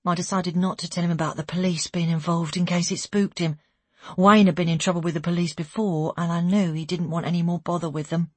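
Breathy woman narrating an audiobook. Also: lowish voice, brisk, no echo. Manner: even, steady storytelling with hushed asides. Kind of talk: first-person audiobook narration.

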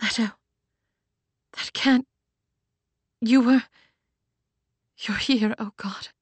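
A woman voicing a fierce, battered woman librarian who talks in a sharp, snarling way that cracks with emotion. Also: mid-range voice, sing-song, unhurried, no echo. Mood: overwhelmed.

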